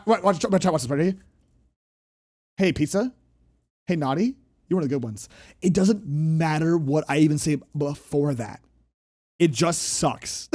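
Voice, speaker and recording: Animated, high-voiced streamer man. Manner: emphatic, rambling, jokey. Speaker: reaction streamer. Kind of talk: casual live-stream commentary.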